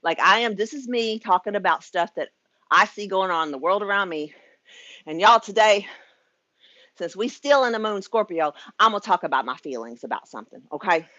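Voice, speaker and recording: A woman's voice: mid-range voice, lively intonation, fairly quick, bright, forceful tone, dry recording. A middle-aged woman rants frankly to her viewers from home, swearing and laughing as she goes. She is sweaty, and her voice swings widely up and down. The sound is dry and a little muffled. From United States. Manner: frank, chatty, swears, laughs often, addresses viewers as y'all. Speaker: spiritual life coach. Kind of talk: casual vlog rant.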